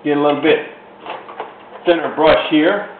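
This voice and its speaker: Slow rambly guy showing how to paint, folksy, sounds like a tinny echoey home video. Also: fairly high pitch, fairly even intonation. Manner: folksy, rambling, repeats "in other words". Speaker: painting instructor. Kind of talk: step-by-step painting demonstration. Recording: roomy, tinny lo-fi with faint hiss.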